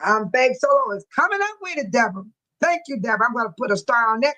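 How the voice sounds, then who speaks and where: A woman's voice: a little high, lively intonation, fast talker, sharp tone, low-quality recording. An older woman hosting a casual livestream, chatting animatedly and laughing often as she reads out viewer comments. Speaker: livestream host.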